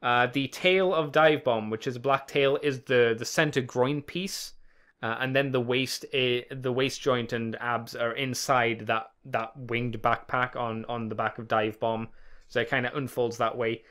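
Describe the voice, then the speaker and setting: A man's voice: medium pitch, steady tone, measured pace, a bit bright, clear, resonant tone. A man co-hosting a casual podcast, rambling along, swearing easily and chuckling often. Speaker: podcast co-host. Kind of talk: casual chat.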